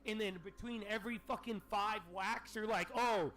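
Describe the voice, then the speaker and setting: A man rants to his livestream chat in a bright, forceful voice pitched a little high, full of slang and swearing. A faint hiss of background noise sits under the voice. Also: moderate pace. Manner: profane, animated ranting with slang. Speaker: livestream host. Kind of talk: casual livestream rant.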